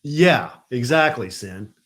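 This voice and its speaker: A man's voice: expressive, takes it slowly, fairly bright tone. A middle-aged man hosting a casual live stream from home, chatting with viewers and ranting in exasperation. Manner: chatty, turns exasperated and high-pitched when ranting.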